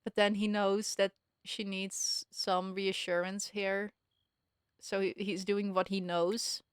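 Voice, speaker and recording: A young woman streamer chatting through a story game, reacting out loud and often stopping partway through her sentences. Her voice sits in an ordinary middle register, and the close, dry recording has almost no room sound. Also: medium pitch, level tone, slow pace, clean tone, no room sound. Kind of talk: live-stream game commentary.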